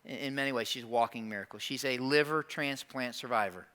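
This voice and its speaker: A man pastor preaching a sermon, animated and emphatic, sometimes dropping to slow quiet asides. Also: mid-range voice, clean tone. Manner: animated, acts out quoted prayers in a raised voice.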